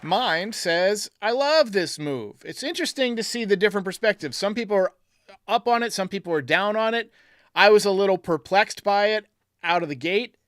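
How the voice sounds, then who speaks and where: A man hosts a casual live stream, chatting and reading viewer comments aloud as he thinks things through. His voice sits a bit high and sounds smooth and clear. The sound is close and dry, with no room around it. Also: animated, moderate pace, fairly bright tone, dry recording. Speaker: podcast host reading live chat.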